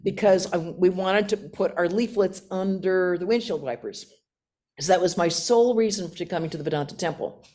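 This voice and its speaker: Woman, 60s, American nun, animated storyteller, slightly low voice, self-mocking humor. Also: moderate pace. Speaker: guest speaker, nun. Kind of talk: storytelling talk with questions.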